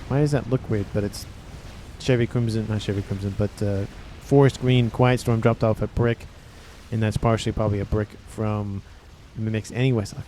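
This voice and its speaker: A man's voice: mid-range voice, darkish tone, slight background noise. A man giving casual play-by-play commentary on a strategy game replay, chatty and often correcting himself mid-sentence. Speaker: game caster.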